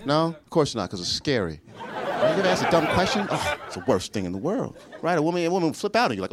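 A man's voice: medium pitch, sing-song, rapid-fire. Brash stand-up man working a crowd. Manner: brash, profane, teasing the crowd. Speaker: stand-up comedian. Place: comedy club stage. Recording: live club with loud crowd noise.

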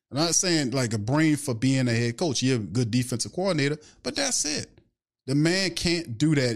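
Ranting animatedly on his casual sports podcast, a medium-pitched man keeps throwing out rhetorical questions. Every so often he stops to respond to viewer questions from the chat.

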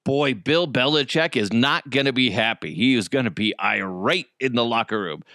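A man's voice: medium pitch, normal speed, bright, forceful tone, dry recording, clean studio sound. A man hosting a solo podcast, ranting profanely and mocking his targets. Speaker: podcast host.

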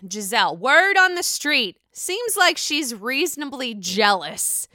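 A woman's voice: a little high, sing-song, unhurried, few pauses, pushed and bright, no echo, clean studio sound. A young woman hosting casual reality TV gossip commentary, sassy and profane.

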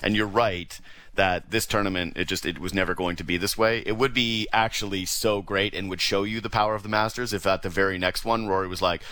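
A man co-hosting casual sports talk, animated and quick to laugh. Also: deep voice. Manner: animated, laughs often, slips into joke voices. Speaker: sports radio co-host.

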